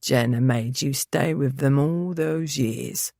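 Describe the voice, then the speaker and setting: A woman's voice: rumbling low, slow pace, creaky, dark tone, no room sound, studio quality, voice pushed down, full character voice. A woman voicing a surly, hostile young male servant who mutters sullenly.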